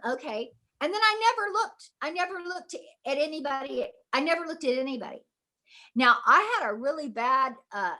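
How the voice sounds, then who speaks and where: A woman's voice: sits high, sharp tone. A middle-aged actress telling a story in an interview, acting out her own past voice and reactions. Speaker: guest actress.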